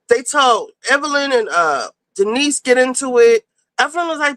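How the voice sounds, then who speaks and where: A woman hosting a livestream, recapping reality TV in casual, blunt and profane chat, rushing through the story. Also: high voice, expressive, a bit bright, dry recording, poor audio. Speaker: livestream host.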